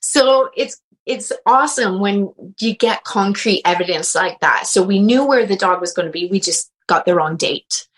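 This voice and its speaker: In a casual interview with poor audio, this medium and animal communicator tells her story at normal speed, hardly pausing at all. When she quotes people, her pitch jumps sharply as she acts them out.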